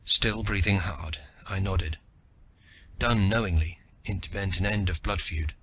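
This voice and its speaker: A man narrating an audiobook in the first person with steady, forceful storytelling. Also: low voice, a little slow, a little hiss or hum.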